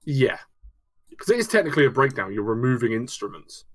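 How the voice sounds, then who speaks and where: A man's voice: mid-range voice, sing-song, brisk. A young man co-hosting a casual album review podcast, joking crudely and slipping into mock voices. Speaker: podcast co-host.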